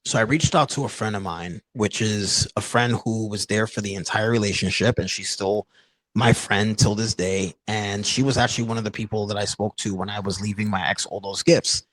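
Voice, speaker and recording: A podcast host telling a candid personal story in an earnest, halting way, full of "like" and "you know". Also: male voice, fairly low pitch, steady tone, fairly bright tone, no room sound, low-quality recording.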